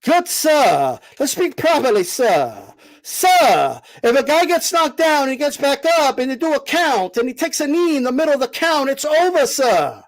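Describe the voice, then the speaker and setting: Host, male, very high voice, emphatic and lecturing, raises his voice and drives each point home by repeating it. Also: sing-song, moderate pace, poor audio. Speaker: boxing commentator host. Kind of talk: live-stream commentary answering chat.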